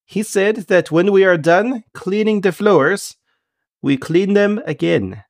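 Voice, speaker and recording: A man's voice: sits high, expressive, slow pace, voice pushed up, exaggerated voice. A man voicing a polite, formal young sailor who speaks carefully. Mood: dutiful.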